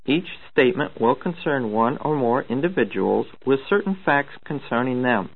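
A man reading scripted instructions for a language course in a measured, formal way. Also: a little high. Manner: measured, formal, announcing cues. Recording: tinny narrow-band tape recording.

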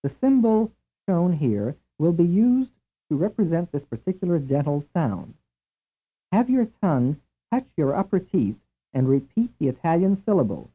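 A man giving a scripted language lesson in a measured, clear, deliberate drill delivery. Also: a little high. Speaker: language instructor. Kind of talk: scripted instructional narration. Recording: tinny, lo-fi old tape recording.

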